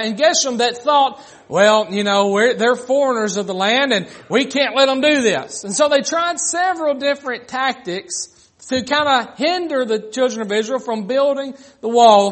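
A man's voice: high-pitched, a bit bright. A man preaching a sermon, acting out the mocking voices of critics.

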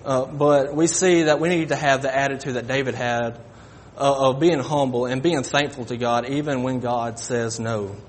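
A man preaching a sermon, halting and folksy, often repeating his words. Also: medium pitch, steady tone, slight background noise.

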